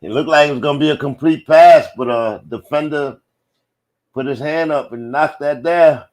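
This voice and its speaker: A man with a fairly high voice and a moderate pace provides casual live commentary, speaking right to his viewers with slang. On big plays he breaks into loud exclamations.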